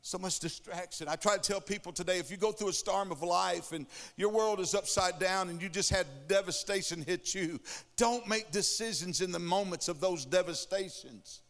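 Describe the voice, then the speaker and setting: A preacher with a fairly high voice delivers a sermon, building emphasis through rhythmic repetition. His words ring out in a church sanctuary with a long, trailing reverb. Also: moderate pace, fairly bright tone.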